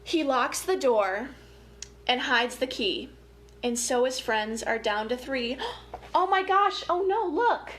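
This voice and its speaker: A young woman family educator reads a picture book aloud to young children, stopping often to chat with them in a gentle, playful way. Her voice sits high, and she takes her time with each line. A faint hum runs behind her. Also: lively intonation, takes it slowly. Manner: gentle, playful, chatty asides to young listeners.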